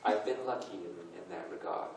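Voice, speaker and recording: A man's voice: sits low, moderate pace, crowd noise. A man in his thirties, a voice actor answering fan questions at a convention panel, self-deprecating and joking. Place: large convention hall. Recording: echoey hall from far off, noisy.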